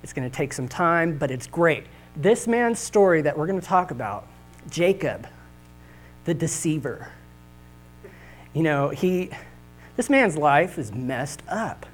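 A man's voice: on the high side, unhurried, long pauses, faint music behind, low-quality recording. A man preaching a sermon with humorous, folksy storytelling at a church service. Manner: animated, jokey, folksy.

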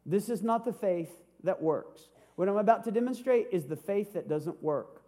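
A man's voice: high-pitched, animated, normal speed, dark tone. A man in his fifties, a pastor, preaching a sermon with humor and rhetorical questions. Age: 50s.

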